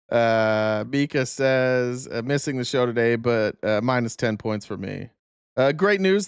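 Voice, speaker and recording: A man hosts a live political talk stream, reading viewer comments in a blunt, offhand way. His voice sits low and comes through smooth and clean. The sound is dry and close, with no room echo. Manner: blunt, swears freely, laughs at jokes. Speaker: political talk show host.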